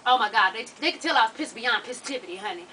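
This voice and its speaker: A woman vlogger telling a personal story to her viewers in an animated, profane, slang-heavy way. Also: on the high side, fast, recorded from a distance, noisy background.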